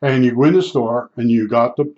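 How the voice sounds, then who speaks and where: Older man, mid pitch, rambling blunt storyteller; dull lo-fi audio. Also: fairly even intonation, fairly quick, a little mellow. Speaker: vlogger. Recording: dull lo-fi sound.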